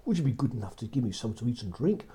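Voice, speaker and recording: A man's voice: mid-range voice, very animated, rapid-fire, warm tone, slight background noise, close to an everyday voice. A man voicing a bold, cheeky boy in a children's story, talking cheerily and politely. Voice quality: husky. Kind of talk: storybook reading.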